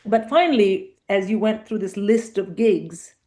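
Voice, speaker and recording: A woman's voice: medium pitch, animated, unhurried, a little mellow. A middle-aged woman comedian telling anecdotes in a casual interview, acting out the voices of people she quotes. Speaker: comedian guest.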